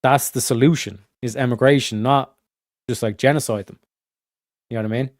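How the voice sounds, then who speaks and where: A man's voice: fairly even intonation, fairly quick, darkish tone, no echo. Guy streaming, rambles a lot, swears nonstop, lots of likes and you-knows, flips between pushy and mumbly, dry close sound. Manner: profane, filler-heavy, restarts often; swings from emphatic to low muttered asides. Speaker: streamer hosting a study session. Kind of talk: casual rambling monologue.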